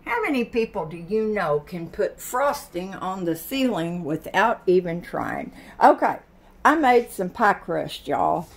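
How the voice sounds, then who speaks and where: An older woman talks to her viewers from her kitchen at a slow, easy pace. She is chatty and folksy, often breaking into exclamations. She sounds tired. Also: fairly low pitch, very animated. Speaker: vlogger. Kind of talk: casual chat to camera. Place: home kitchen.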